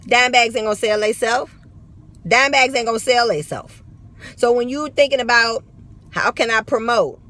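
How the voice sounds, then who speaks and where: A woman with a St. Louis accent speaks to her followers in a fairly high voice. She is blunt and profane, and she drives each point home by repeating it. She records herself on her phone for a vlog. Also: normal speed, a bit bright. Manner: blunt, profane, emphatic and repetitive. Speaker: vlogger. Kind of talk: motivational straight-talk vlog.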